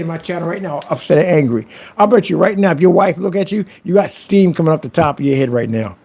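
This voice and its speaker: A man's voice: a little high, gravelly, darkish tone, breathy edge. A man vlogging a casual, boastful rant to camera, taunting his critics and repeating phrases for effect. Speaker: business owner and vlogger.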